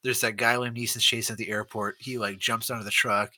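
Animated laughing man, bright dry sound. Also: on the low side, no echo. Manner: animated, laughing, acting out scenes in quick voices. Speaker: podcast co-host. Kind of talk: casual movie-discussion chat.

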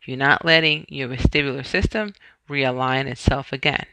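Guy from puerto rico telling his own story on a podcast, bright gravelly voice, keeps correcting himself. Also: mid-range voice, steady tone, normal speed, dry recording. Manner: conversational, retells scenes and often corrects himself. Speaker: podcast host. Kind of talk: personal health story podcast.

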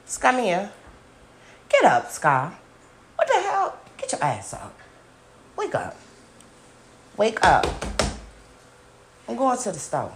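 A woman podcast host ranting casually to her listeners, loud and emphatic, swearing constantly and calling them y'all, talking into a phone as she walks around her house. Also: medium pitch, huge pitch swings, slow pace, long pauses, slight background noise. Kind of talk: casual profane rant to listeners. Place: at home, walking around the house.

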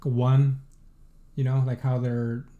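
A young man chatting casually as co-host, speaking in a measured, somewhat hesitant way with false starts. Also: medium pitch, flat delivery, phone-quality sound, slight background noise. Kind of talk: casual chat.

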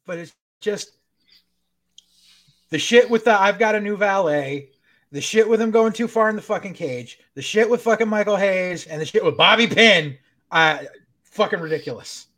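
Here a podcast co-host talks through a show recap at a moderate pace, his voice high. He curses nonstop, stays animated throughout, and acts out quotes from the characters in a casual back-and-forth.

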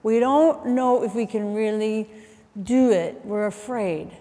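A middle-aged woman delivers a sermon in a somewhat high voice, chatty and animated, full of asides and self-corrections. Her voice carries the long reverb of a large church hall. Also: takes it slowly. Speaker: preacher. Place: church auditorium.

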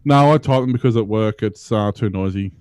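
A man co-hosting a casual tech podcast, relaxed and hesitant, with many ums. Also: lowish voice, fairly quick, clear, resonant tone, no room sound, clean studio sound. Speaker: podcast co-host.

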